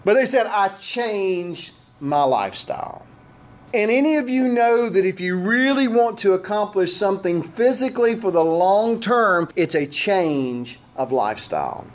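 Middle-aged guy preaching, highish voice, chatty sermon w/ jokes about himself. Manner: conversational preaching with asides and self-deprecating humor. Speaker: pastor.

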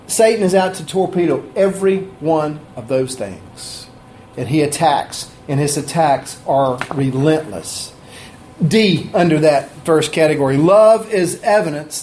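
A man preaching a sermon in a folksy, conversational way, with asides to people in the room and his pitch rising and falling for emphasis. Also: darkish tone. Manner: pitch rises and drops for emphasis. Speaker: pastor.

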